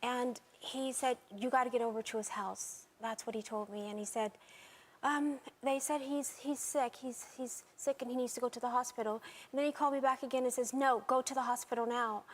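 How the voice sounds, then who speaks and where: A woman with a high voice recalls a painful event in an interview. She speaks haltingly and restarts her sentences often. The clip comes from an archived interview. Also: steady tone. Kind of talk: emotional recollection in an interview.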